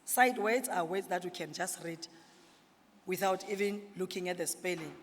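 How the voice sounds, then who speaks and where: A woman's voice: on the low side, normal speed. A woman presenting a literacy workshop to teachers, explaining step by step and sounding out letters and syllables. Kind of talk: workshop presentation with audience questions. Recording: reverberant hall.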